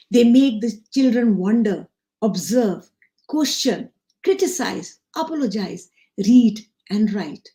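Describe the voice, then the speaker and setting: A woman's voice: mid-range voice, mellow. A woman from India giving an earnest live online talk to teachers as a guest trainer, repeating her key lines. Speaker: education trainer, guest speaker.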